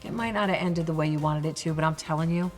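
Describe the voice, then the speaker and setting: Woman host, casual interview, encouraging, lowish voice, faint music behind. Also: fast talker. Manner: emphatic and encouraging. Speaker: talk show host and competition judge. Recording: roomy reverb with faint music.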